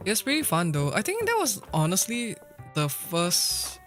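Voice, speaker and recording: Man, casual game-stream chat, playful, swears lightly, fairly high voice, faint background music. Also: wildly swooping pitch, moderate pace, a bit bright. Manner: chatty and playful, swears casually, laughs often. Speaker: livestreamer.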